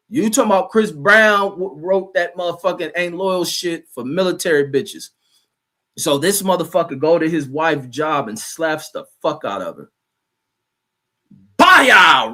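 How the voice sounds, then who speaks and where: A man's voice: on the high side, a bit bright. A man hosting a livestream, ranting in heated, rambling, profane commentary and answering chat comments. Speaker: livestream host.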